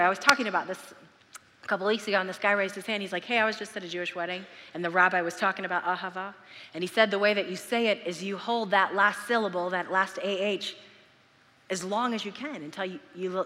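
A woman pastor preaching to her church, earnest and emphatic, leaning into key words and drawing them out slowly. Her voice is bright and forceful. It rings out with the long reverb of a large hall. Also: medium pitch, steady tone. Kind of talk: sermon.

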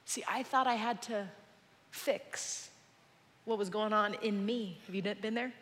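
A woman giving a sermon with animated storytelling, addressing a congregation in a large church. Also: medium pitch, a little slow. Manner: animated storytelling, acting out quoted people. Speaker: preacher. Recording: echoey hall with long reverb.

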